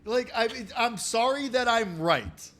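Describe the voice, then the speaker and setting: A man with a New York accent co-hosting a sports betting podcast in quick, joking banter over a remote call. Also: very high-pitched. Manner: animated, quick, joking, laughs often.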